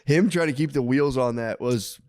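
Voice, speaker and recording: A man's voice: mid-range voice, normal speed, no room sound, clean studio sound. Laughing man in casual podcast banter. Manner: laughs often, animated, says dude a lot. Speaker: podcast co-host.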